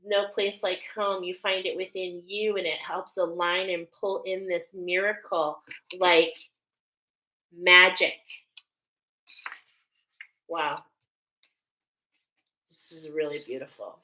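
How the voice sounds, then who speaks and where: Bright-voiced, unhurried woman card reader. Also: on the low side, fairly even intonation, poor audio. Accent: American. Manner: effusive, exclaiming, laughing often. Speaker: tarot and oracle card reader. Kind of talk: live-streamed spiritual card reading.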